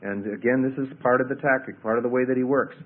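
Male Bible teacher, husky, mid-pitched, rambling delivery; tinny phone-line sound. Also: steady tone, fast. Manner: conversational, many fillers and restarts, takes questions.

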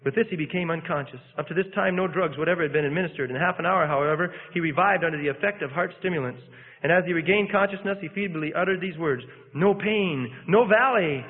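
Fervent male preacher reading aloud, high-pitched, phone-quality recording in an echoing hall. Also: quick pace. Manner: fervent, rising and falling emphasis. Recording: phone-like sound in a reverberant hall.

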